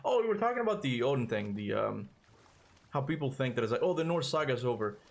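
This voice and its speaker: A man's voice: mid-range voice, big pitch swings, fast, gravelly. A man hosting a casual gaming live stream, rambling and interrupting himself, out of breath from climbing stairs.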